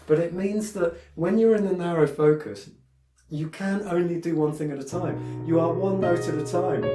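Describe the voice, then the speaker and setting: A man's voice: a little high, normal speed. Chatty man teaching piano. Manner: chatty, digressive, many fillers and restarts. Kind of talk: piano tutorial. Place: room with a piano. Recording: roomy, a bit far from the mic, piano in the room. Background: piano playing.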